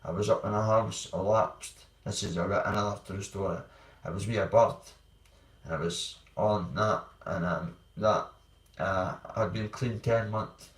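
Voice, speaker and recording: A man's voice: lowish voice, unhurried. A Scottish man telling his own hard stories in a blunt, rambling way, swearing freely. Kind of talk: candid personal storytelling. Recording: roomy sound, distant from mic.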